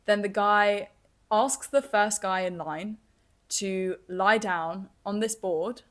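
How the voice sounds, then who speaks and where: A woman's voice: medium pitch, slow pace. Chatty young woman telling a story. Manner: chatty, lively, filler-heavy with "like" and "kind of". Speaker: podcast host. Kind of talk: casual storytelling monologue.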